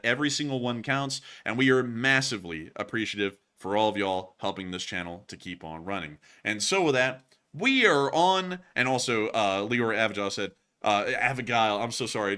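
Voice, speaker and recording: A man hosting a live-stream news show, chatting casually and reading out viewer messages, with lots of fillers and restarts. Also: mid-range voice. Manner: rambling, heavy on fillers and restarts, upbeat shout-outs.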